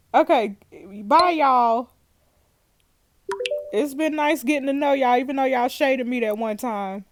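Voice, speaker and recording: A woman's voice: a little high, a little mellow. A young woman hosting a let's play, reading messages aloud and reacting with laughter and slang. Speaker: gaming host.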